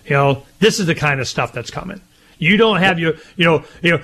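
Give me an older man with a fairly high voice, chatting in a loose, rambling way, getting animated and laughing loud as he talks on a casual show. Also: fairly quick, slight background noise. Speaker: co-host. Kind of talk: casual chat.

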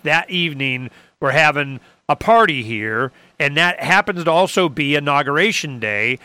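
Male talk host, very bright crisp voice, dry close sound, rambling sarcastic delivery. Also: a little high, no room sound. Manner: rambling, animated, sarcastic asides. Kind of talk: casual political talk.

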